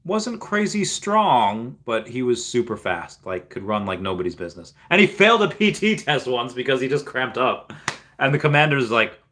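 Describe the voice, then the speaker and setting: A man with a sing-song, fairly bright mid-range voice streams live at a moderate pace, chatting casually. He reads viewer messages aloud and answers them in a rambling way, full of fillers and restarts.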